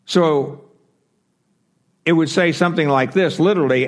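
A man's voice: fairly high pitch, normal speed, long pauses. A man teaching a Bible class, explaining step by step with fillers and self-corrections.

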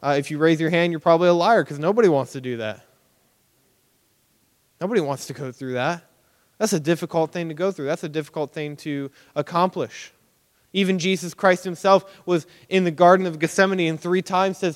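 A young man giving a casual, conversational sermon as a preacher, animated and acting out everyday reactions. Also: a little high, a little fast. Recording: long hall reverb.

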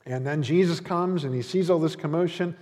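A man's voice: fairly high pitch, brisk, darkish tone. A man preaching a sermon as pastor in a church, earnest and conversational, with frequent fillers and restarts. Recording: long reverb of a church hall.

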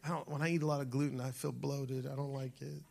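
This pastor's gravelly, mid-range voice moves fast as he delivers his sermon. Animated throughout, he shouts out to the congregation and sometimes sinks to almost a whisper.

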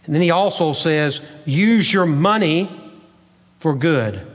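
A man's voice: on the high side, expressive, slow, long reverb tail. A man preaching a sermon as pastor, with an emphatic, repetitive preaching cadence, recorded in a church sanctuary.

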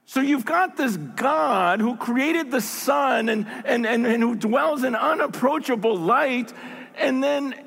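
An older man, a grandfather, preaching a sermon as a pastor, telling stories and building to emphatic shouts. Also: very high-pitched, slow pace, creaky, slightly rough. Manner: storytelling, animated, bursts into emphatic shouts.

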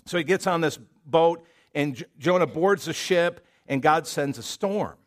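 A man's voice: on the high side, a little slow. A male pastor with a Southern American accent, preaching a casual, storytelling sermon full of asides and rhetorical questions. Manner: conversational storytelling, frequent fillers and rhetorical questions.

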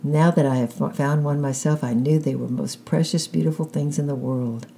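Deep-voiced woman reading a children's novel. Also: gravelly, a little hiss or hum. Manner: calm, unhurried first-person narration. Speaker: audiobook reader.

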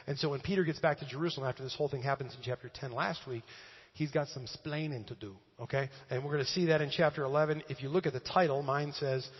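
A man's voice: medium pitch, quick pace, breathy edge. A male pastor giving a casual, joking sermon in a church, often using fillers. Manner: conversational and joking, with frequent fillers. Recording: echoey hall, dull lo-fi sound.

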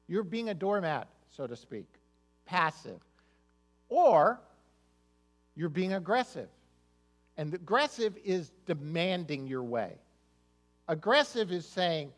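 A man preaching a sermon as pastor, talking in a conversational way and often repeating the first words of a sentence. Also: a little high.

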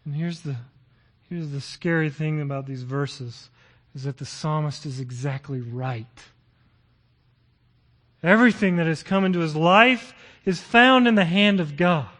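A man's voice: a little high, unhurried, a bit bright. A middle-aged man preaching a sermon as pastor, earnest and building to impassioned scripture reading.

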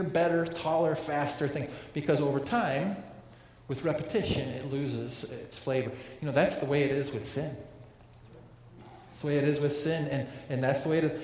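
A man's voice: on the high side, a little mellow, slight background noise. A man preaching a sermon as pastor, earnest and prone to repeating words and restarting his sentences. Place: large church hall. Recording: echoey hall with long reverb.

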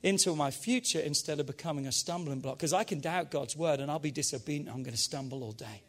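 Male pastor, high-pitched voice, fervent emphatic sermon delivery. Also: quick pace. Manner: energetic, emphatic preaching with call-and-response urging.

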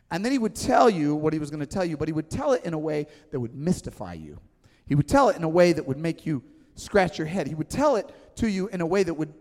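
A man preaching a sermon in a lively, conversational way, acting out the quoted voices. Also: on the high side. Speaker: pastor. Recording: long hall reverb.

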